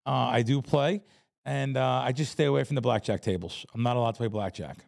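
A man's voice: medium pitch, a little fast, vocal fry. A man from the Bronx, a professional sports bettor telling stories bluntly in a casual interview. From New York, the Bronx. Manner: blunt, animated storytelling.

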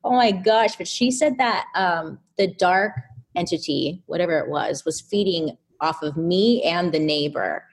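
In a casual podcast conversation, a female guest with a somewhat low voice tells her story in an animated, chatty way, leaning heavily on fillers. She speaks a little slowly and barely pauses.

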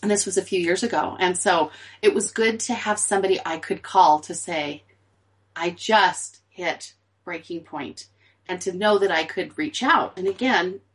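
A woman co-hosting a podcast who talks casually and reflectively, often pausing and restarting her sentences. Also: fairly low pitch. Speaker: podcast co-host. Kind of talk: casual chat.

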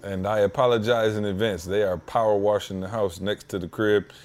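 A man's voice: on the low side, brisk. A man hosting a podcast from his home basement, telling a long casual story in slangy speech and acting out the voices of the people in it. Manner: animated, slangy storyteller who acts out dialogue. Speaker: podcast host.

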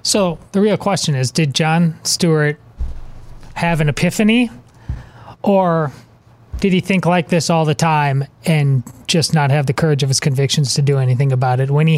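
A man's voice: on the high side, no room sound. Probing male co-host, dry sound. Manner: questioning, probing. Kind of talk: casual talk radio chat.

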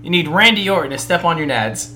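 A man's voice: fairly high pitch, animated, fast talker, over a noisy crowd, rough recording. A young man co-hosting a casual wrestling podcast, joking and playful. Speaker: podcast co-host.

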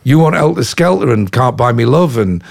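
Gravelly English man telling rock stories. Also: mid-range voice, a little fast. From England. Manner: chatty, animated anecdotes full of "you know". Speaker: rock musician guest. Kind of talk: casual interview storytelling.

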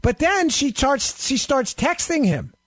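A man's voice: extremely high pitch, big pitch swings, measured pace, fairly bright tone, no room sound. A man hosting a political talk radio show, arguing animatedly and firing rhetorical questions straight at his listeners. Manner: addresses listeners directly.

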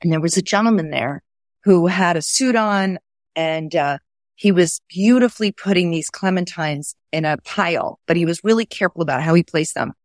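A woman's voice: on the low side, moderate pace, no echo, clean studio sound. A woman author, a guest on a talk show, telling personal stories in an earnest, conversational way. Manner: earnest, acts out quoted dialogue. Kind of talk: conversational storytelling.

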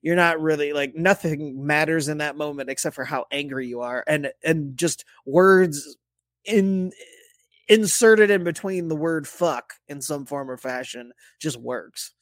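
A man co-hosting a casual podcast, talking in an animated way, laughing often and cursing. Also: a little high, unhurried, no room sound. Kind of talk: casual banter.

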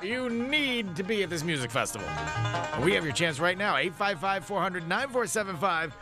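A man co-hosting morning radio, cracking jokes and throwing out exaggerated reactions. His pitch swings widely as he teases his co-host. Music plays clearly behind him. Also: sing-song, moderate pace. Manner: joking, teasing, exaggerated reactions.

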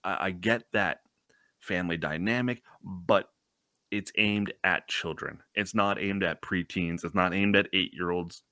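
A man's voice: low-pitched, a little slow, pushed and bright, dry recording. A man in his thirties hosting a casual conversation, chatty and self-deprecating, laughing easily.

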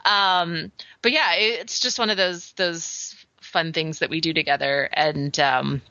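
A chatty woman co-hosting a podcast, her voice bright and a little low. The sound is close and dry, with a slightly dull, lo-fi quality. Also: fairly even intonation, a little slow, dry recording. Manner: chatty, laughing, lots of fillers. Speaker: podcast co-host. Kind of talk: casual chat.

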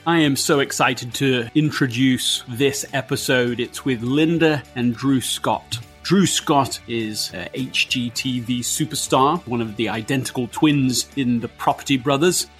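A man hosting a podcast interview, calm and measured in his delivery. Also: mid-range voice, soft background music. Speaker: podcast host.

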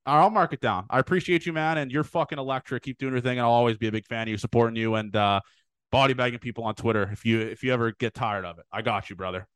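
A fast-talking male podcast host in casual chat, words tumbling out quickly. He is excitable and swears freely. The sound is dry and close, with no room echo. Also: medium pitch, clean tone. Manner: excitable, swears freely, hypes up his guest. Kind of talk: casual podcast chat over video call. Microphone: remote call microphone.

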